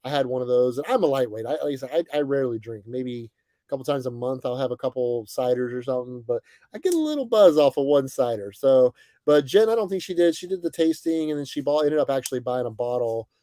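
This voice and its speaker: A young man hosting a casual livestream, greeting viewers by name and chatting in a relaxed, friendly way with plenty of fillers. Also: medium pitch, no echo. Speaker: livestream host. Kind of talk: casual chat reading viewer comments. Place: bus, indoors.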